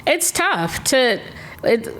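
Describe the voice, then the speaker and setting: A woman's voice: high voice, very animated, drawn-out words, a bit bright. Encouraging woman podcast host. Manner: encouraging, lots of affirming mm-hmms. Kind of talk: casual chat.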